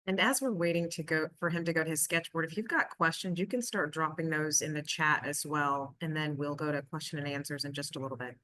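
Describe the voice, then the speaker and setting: A woman hosting a live online session, making soft, calm announcements. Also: low voice, brisk, few pauses, dry recording. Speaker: event host.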